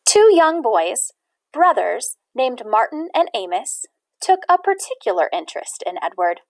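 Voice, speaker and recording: A woman reading a children's storybook aloud in an expressive, animated way. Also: a little high, measured pace, dry recording. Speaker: audiobook reader.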